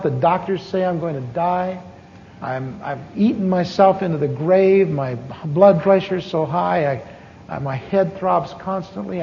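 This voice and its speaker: A middle-aged American preacher with a fairly high voice tells his own story from the pulpit, stopping and starting as he plays out each conversation. The sound is muffled and old, with long reverb from a big church hall. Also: gravelly, a little hiss or hum. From United States. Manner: storytelling, acting out dialogue with halting restarts. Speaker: pastor. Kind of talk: sermon testimony.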